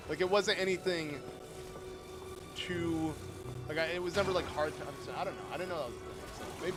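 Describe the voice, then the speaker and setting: Young male streamer, slightly high voice, loose rambling chat with viewers, game music underneath. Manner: rambling, chatty, answers chat aloud with sudden loud outbursts. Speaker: livestreamer playing a game.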